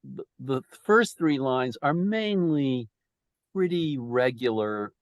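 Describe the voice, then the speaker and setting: Slow, stammering man leading a poem talk. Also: medium pitch, lively intonation, no echo. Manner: stammering restarts, emphatic, taps out rhythms aloud. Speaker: discussion leader of a poetry group. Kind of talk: animated poetry discussion.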